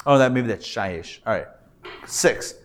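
A middle-aged man teaches a live class as a rabbi. He speaks at an unhurried pace, sounding out each syllable patiently, and keeps checking that his students are following. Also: fairly low pitch, animated, a little hiss or hum. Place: classroom before a live audience.

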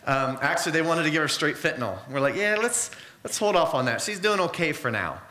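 A man's voice: a little high, expressive, brisk, sharp tone, roomy sound. A man preaching a sermon in an earnest, conversational way, mixing in personal stories.

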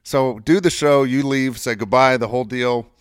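Radio co-host, man, mid-pitched, animated storyteller who swears freely. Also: normal speed, clean tone, no room sound, clean studio sound. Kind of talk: casual comedic banter with live ad reads.

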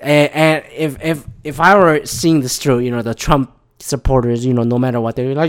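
A Michigan podcast host rants casually about politics, rambling, swearing, and sarcastically mimicking other people's voices. His mid-range voice stays fairly even in intonation and runs a little fast with a smooth quality.

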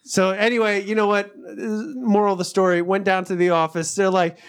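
A man with a high-pitched voice tells a story on a podcast. He swears a lot and often breaks into laughter. The talk is loose and unscripted. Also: moderate pace, hardly any pauses, smooth. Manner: profane, laughing, animated storyteller. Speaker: podcast co-host.

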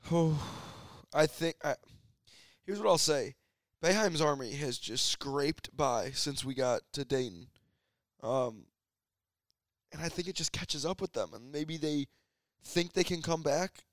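A man's voice: fairly high pitch, a little slow, dry recording. A man co-hosting a podcast, laid-back and a bit hesitant in casual chat on a close mic. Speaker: podcast co-host.

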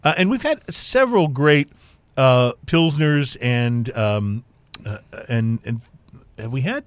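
A medium-pitched man with a clear, resonant tone takes his time but stays animated while co-hosting a beer tasting show, recorded with no echo. The chat is casual and rambling, full of fillers and self-deprecation.

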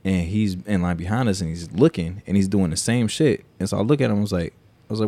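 Brief: man, low mellow voice, dry close mic, animated profane podcast storyteller. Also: quick pace, no echo. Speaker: podcast co-host. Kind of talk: casual storytelling chat.

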